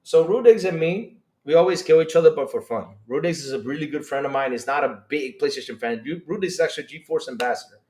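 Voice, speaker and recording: A man hosting a live stream, reading chat aloud and reacting with excitable disbelief and frequent laughter. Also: a little high. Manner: excitable, incredulous, laughing, rapid swings in loudness.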